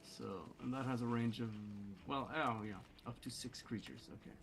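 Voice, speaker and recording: A man playing in a tabletop game, thinking aloud quietly and trailing off as he works out a spell. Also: medium pitch, fairly even intonation, normal speed. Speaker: player. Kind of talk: casual table talk. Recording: noisy line with background noise.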